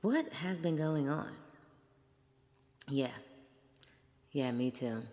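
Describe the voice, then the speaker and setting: A woman's voice: low-pitched, extremely slow, a little mellow, big-room sound. A woman hosting a podcast in a playful, chatty solo talk, laughing often. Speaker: podcast host. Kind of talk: casual solo chat.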